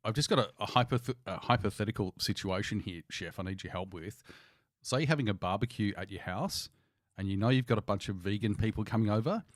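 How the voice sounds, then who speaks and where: A man, a podcast host asking questions in a halting, stammering way. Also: on the low side, no echo, studio quality. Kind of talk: casual podcast chat.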